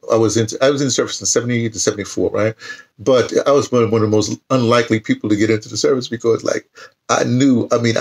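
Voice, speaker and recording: Man in his sixties, reading aloud, casual, rambling asides, frequent restarts, mid-pitched voice. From United States. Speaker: YouTube channel host.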